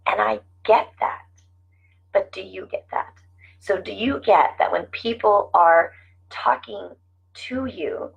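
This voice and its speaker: Husky middle-aged woman coaching, lo-fi. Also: medium pitch, animated, slow pace. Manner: earnest, repeats phrases, restarts. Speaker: life coach vlogger. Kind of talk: casual talk to camera. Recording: dull lo-fi sound.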